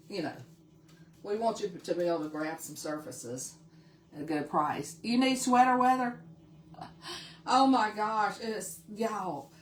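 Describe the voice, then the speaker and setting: A woman's voice: lowish voice, roomy sound, recorded from a distance, a little hiss or hum. A woman from Tennessee with a Southern accent, chatting casually while demonstrating a craft on a live stream and greeting viewers by name. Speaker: craft livestream host.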